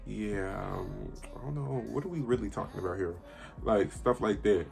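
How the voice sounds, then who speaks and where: Gravelly-voiced young man telling a story. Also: on the low side, normal speed, a little mellow, soft background music. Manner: blunt, profane, acts out quoted dialogue. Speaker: vlogger. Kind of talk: casual storytime.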